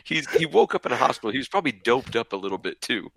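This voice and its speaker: A man's voice: mid-range voice, sing-song, fast talker, vocal fry, a bit bright, husky. A man co-hosting a podcast, chatting casually about films and trailing off with ums and uhs. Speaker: podcast co-host. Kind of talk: casual movie discussion.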